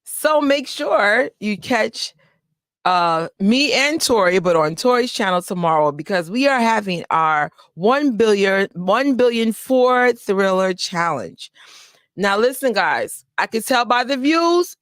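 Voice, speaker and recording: A young adult woman chats her way through a casual fan live stream at home, talking into a desk mic. She's excitable, greets viewers by name and laughs easily, and the sound is close and dry. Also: mid-range voice, unhurried, no echo. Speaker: fan channel host. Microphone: desk microphone.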